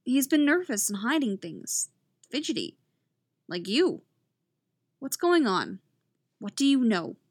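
A woman reading a story, voicing a quiet, guarded young woman who asks short, direct questions. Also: on the high side, very animated, slow pace, pauses often, breathy edge, no room sound, studio quality, exaggerated voice. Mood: pressing.

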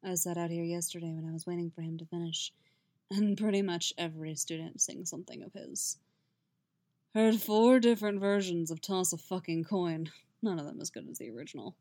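A woman voicing a weary, guarded grown man who speaks low, quiet and measured while he grieves. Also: dry recording, studio quality, close to an everyday voice. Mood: quiet, grieving.

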